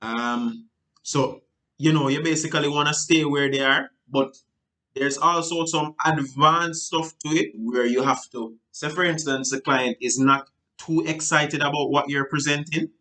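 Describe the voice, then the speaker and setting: A male sales coach talks through his techniques in a loose, conversational way. He repeats himself, tags lines with "right?", and jumps his voice high or low to act out client conversations. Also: fairly even intonation, measured pace, pushed and bright. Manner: loose, repetitive, frequent "right?" and restarts; acts out client dialogue with big pitch jumps. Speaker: sales trainer. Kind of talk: casual instructional talk.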